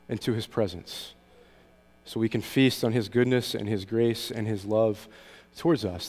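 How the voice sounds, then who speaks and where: A man's voice: mid-range voice, darkish tone, in a large hall. A man speaking as a pastor at communion, earnest, with frequent ums and small restarts. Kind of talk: communion meditation.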